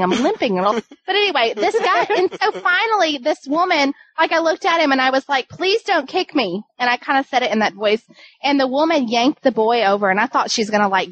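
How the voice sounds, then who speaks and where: A woman's voice: sits high, fairly bright tone, poor audio. A woman, a wedding photographer, telling a story in casual podcast chat, rambling with many fillers and restarts.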